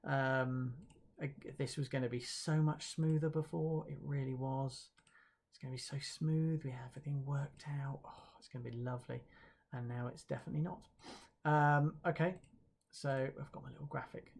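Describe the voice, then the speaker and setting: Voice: mid-range voice, steady tone, moderate pace, vocal fry, a little mellow. Chatty, hesitant awards presenter. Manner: chatty and hesitant, with many fillers and self-corrections; light self-mocking humor. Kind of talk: live-streamed awards announcement, reading viewer comments.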